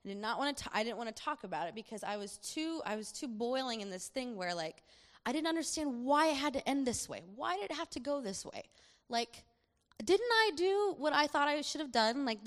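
A young woman sharing a personal testimony in a chatty, animated way, laughing often as she speaks. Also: sits high, fairly quick. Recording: long hall reverb.

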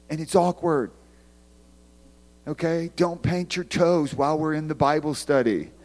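A man leading a ministry, giving a conversational sermon talk in an animated storytelling way with loud outbursts. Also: a little high, creaky, slightly rough. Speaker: ministry leader. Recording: long hall reverb.

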